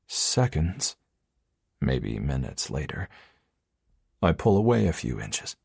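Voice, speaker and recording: A man narrating a romance audiobook in the first person, with a low, intimate, measured delivery. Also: vocal fry, a little mellow, slightly rough, no room sound, studio quality.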